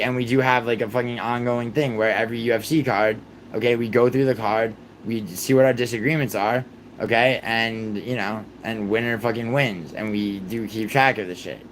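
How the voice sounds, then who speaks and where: A young man hosting a livestream, arguing heatedly with his chat, exasperated and swearing in rapid outbursts. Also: medium pitch, fairly bright tone, a little hiss or hum, low-quality recording. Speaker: livestream host.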